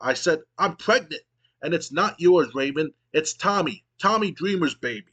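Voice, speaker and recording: A man's voice: a little high, expressive, normal speed, a bit bright, dull audio. A man voicing a defiant but uneasy young woman speaking in a trembling voice.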